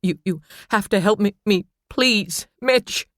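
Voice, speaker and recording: A woman's voice: medium pitch, slow, dry recording, studio quality, voice pushed up, close to an everyday voice. A man voicing a frantic mother who shrieks and stammers in tears while begging for help finding her son, in an audiobook. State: hysterical, tearful. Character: frantic woman desperate to find her son.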